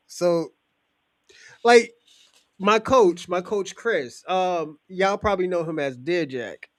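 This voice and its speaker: A man's voice: high voice, a little slow, dry recording. A male host in casual chat, loose and joking, laughing often and using street slang.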